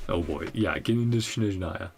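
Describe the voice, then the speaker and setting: Low gravelly laid-back gaming host. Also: male voice, slight background noise. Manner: laid-back, chuckling, thinking aloud. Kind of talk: casual game commentary.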